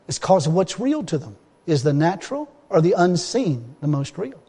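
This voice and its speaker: A man's voice: fairly high pitch, big pitch swings, unhurried, warm tone, slightly rough, long reverb tail. A man preaching a sermon in an emphatic, folksy way, often restarting his phrases.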